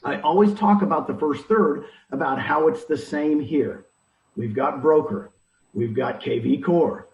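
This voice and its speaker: A man's voice: on the high side, unhurried. A man giving punchy advice with rhetorical questions, recorded echoey, distant and dull. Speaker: interviewee, real estate recruiting mentor. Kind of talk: animated advice talk.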